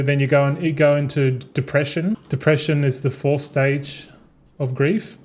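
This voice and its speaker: A man's voice: fairly high pitch, steady tone, moderate pace, a little mellow. A young man streaming a game, rambling casually with many restarts and swearing as he talks. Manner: repetitive, stumbling, swears freely. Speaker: gaming streamer.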